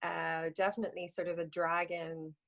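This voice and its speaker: A woman with an Irish accent, speaking hesitantly with many pauses and fillers from a tablet on a video call. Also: on the low side, level tone, gravelly, a bit bright, low-quality recording. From Ireland. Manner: hesitant, many ums and uhs. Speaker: class participant. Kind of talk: casual group video call.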